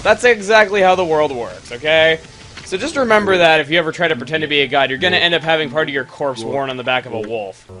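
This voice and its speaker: Excitable guy joking through a let's play, voice jumps all over, game music under it. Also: on the high side. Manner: excitable and joking, bursts into loud exclamations. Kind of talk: casual gameplay commentary.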